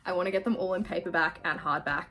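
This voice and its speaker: A young Australian woman in her twenties chatting casually through a Q&A while she plays a game, gushing and animated, full of fillers and swearing. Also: lowish voice, fast talker, a little hiss or hum. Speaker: YouTuber. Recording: music playing behind.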